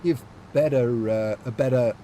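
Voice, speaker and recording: A young man streams a farming game, his mid-range voice warm and a little slow, with a faint hiss or hum in the audio. His live chat while gaming is playful and sassy, packed with fillers.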